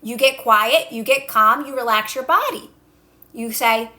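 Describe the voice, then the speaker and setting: A woman on a phone livestream, coaching viewers in a casual way, repeating calm instructions and answering their comments. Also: a little high, a little slow. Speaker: manifestation coach. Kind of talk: casual TikTok live talk.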